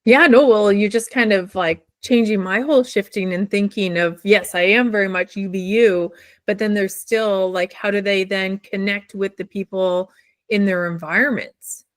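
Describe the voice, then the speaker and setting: Excited woman podcast host, mid pitch, dry close mic, lots of "yeah"s. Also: normal speed, no room sound. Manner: enthusiastic, reacts with excited affirmations. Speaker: podcast host and leadership coach. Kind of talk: conversational interview.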